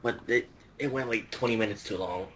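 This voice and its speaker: A man giving his opinions in a casual panel chat, incredulous and quick to exclaim. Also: lowish voice, fairly bright tone, slight background noise, rough recording.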